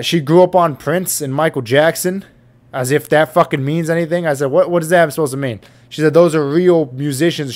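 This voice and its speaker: A young man with a somewhat high voice tells a story to his camera, swearing and fired up. His delivery is quick and exasperated, a running rant. He speaks close into a studio mic with a pop filter. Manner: profane, exasperated, fast storytelling. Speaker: YouTuber. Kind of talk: ranting storytime vlog. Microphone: studio mic on an arm with pop filter.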